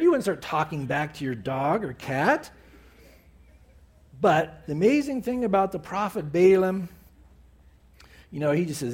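Animated, high-voiced male preacher. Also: normal speed, pauses often. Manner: animated storytelling with bursts of emphasis. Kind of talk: sermon.

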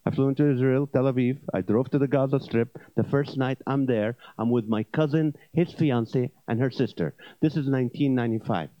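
A man's voice: medium pitch, a little fast, hardly any pauses, no room sound, muffled recording. A male preacher telling jokes and stories, then teaching earnestly with small restarts. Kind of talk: comedic sermon.

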